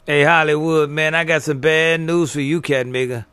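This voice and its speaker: A man's voice: a little high, steady tone, normal speed, heavy background noise. A man chatting on CB radio, trading playful banter full of call signs and sign-offs. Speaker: CB radio operator.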